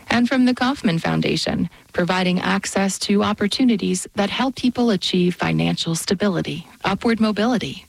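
A woman reading sponsor announcements for public radio in a smooth, formal way. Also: lowish voice, no echo, low-quality recording. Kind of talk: underwriting announcement.

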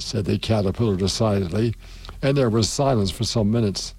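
A man narrating a storybook and hosting a radio show, slow and deliberate. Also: lowish voice, darkish tone, husky, dry recording.

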